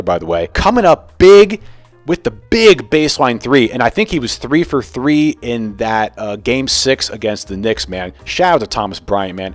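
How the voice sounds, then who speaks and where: A man's voice: medium pitch, no room sound. A young man hosting a casual sports commentary vlog, opinionated and ranting about the game. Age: young adult. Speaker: sports video host.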